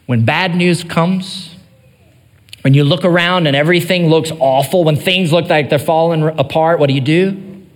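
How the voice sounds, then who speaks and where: A male pastor preaching an earnest sermon, rising in emphasis and then dropping to soft, quiet phrases. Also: on the high side, moderate pace, long reverb tail.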